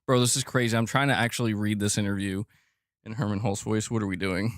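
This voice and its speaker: A man's voice: lowish voice, fairly even intonation, normal speed, dry recording, studio quality. A man hosting a casual gaming news show, joking and self-mocking as he reads. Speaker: host of a gaming news channel.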